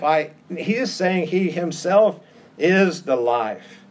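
A middle-aged male preacher delivers a sermon at a slow, deliberate pace. His voice sits a little higher than most men's and climbs on repeated phrases, pressing each point home with steady emphasis. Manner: emphatic, repetitive preaching cadence with rising emphasis.

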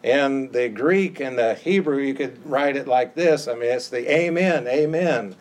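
A man's voice: mid-range voice, a little slow. A male pastor preaching a sermon, emphatic and given to repeating key phrases, with casual asides to the congregation. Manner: conversational asides.

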